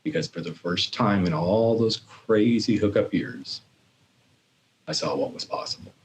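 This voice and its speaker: A middle-aged man, lowish-voiced and a little slow, recounts a personal story on a podcast, animatedly playing out his inner voices. A little hiss or hum sits under the audio.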